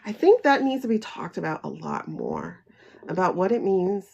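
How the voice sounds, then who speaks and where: A woman's voice: lowish voice, huge pitch swings, moderate pace, gravelly, a little mellow, husky. A woman hosting a casual livestream chat, talking frankly and animatedly, with profanity and frequent laughter, reading viewer comments aloud and answering them. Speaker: livestream host. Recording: dull lo-fi livestream audio.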